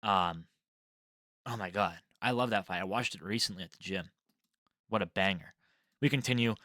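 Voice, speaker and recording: A man's voice: low-pitched, moderate pace, pauses often, bright, forceful tone, no echo, studio quality. A young man giving casual, rambling fight predictions, swearing freely and laughing at his own jokes. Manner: rambling, profane, laughs at himself. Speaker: MMA prediction vlogger.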